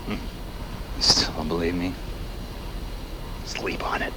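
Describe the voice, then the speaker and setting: An actor playing a paranoid, fiery male agitator in a video game, delivering an impassioned rant that swings from hushed menace to near-shouts. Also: on the high side, sing-song, unhurried, background noise. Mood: brooding menace. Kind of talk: video game voice acting, radio-style monologue.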